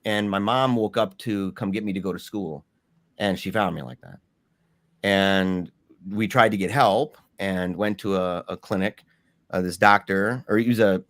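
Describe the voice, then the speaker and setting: A man's voice: fairly low pitch, fairly bright tone, no room sound, studio quality. A man speaking as an interview guest, telling a personal story in a casual, slangy, emphatic way. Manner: informal, slangy, says "bro" and "man"; earnest, emphatic retelling of a personal ordeal.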